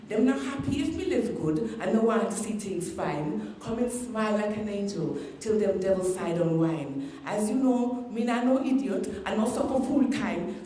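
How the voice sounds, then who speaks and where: A woman's voice: medium pitch, warm tone, far from the mic, slight background noise. A woman with a Guyanese Caribbean patois accent, performing spoken word poetry with a rhythmic, emphatic delivery. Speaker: performance poet. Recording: echoey hall, heard from afar.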